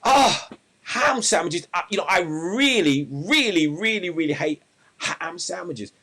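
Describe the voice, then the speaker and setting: A man's voice: high-pitched, animated, unhurried, bright, forceful tone, voice pushed up, exaggerated voice. A man voicing a grumbling male workman who whines about his lunch, in a raised, exasperated voice. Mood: whining. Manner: whiny, exasperated complaining. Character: grumbling adult male workman, stuck in routine.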